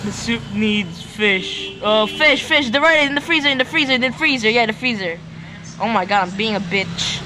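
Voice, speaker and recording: A gameplay streamer in casual commentary who gets excitable, shouting urgent commands and reading game text aloud. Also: medium pitch, normal speed, noisy background.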